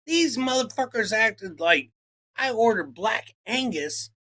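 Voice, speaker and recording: This podcast co-host speaks slowly in a high, pushed, bright voice with lively intonation. He rants profanely in casual conversation and performs the quotes he recounts.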